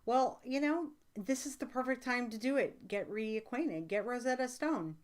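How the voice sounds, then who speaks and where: An American woman hosting a live stream as a psychic reader, chatting casually with viewers, rambling with many fillers and turning emphatic when excited. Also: on the high side, normal speed. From United States. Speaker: livestream host and psychic reader. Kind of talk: casual livestream chat, answering viewer comments.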